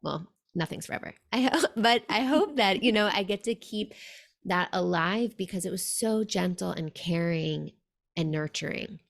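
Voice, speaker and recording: A woman hosting a podcast interview, talking in a reflective, gentle way with many "like" fillers. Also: medium pitch, expressive, moderate pace, vocal fry. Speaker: podcast host. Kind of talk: conversational interview.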